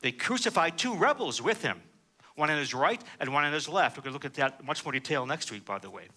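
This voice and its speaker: A man's voice: a little high, animated, quick pace, bright, forceful tone. A man preaching a sermon, reading scripture aloud and explaining it verse by verse, with frequent "uh" fillers. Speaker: pastor.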